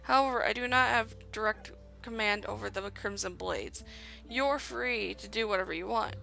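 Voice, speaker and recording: Woman voicing a grieving woman commander, furious then formal, bright tense voice with gravel, faint game music behind. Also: medium pitch, moderate pace. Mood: stiff, formal. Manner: accusing, then stiff and formal.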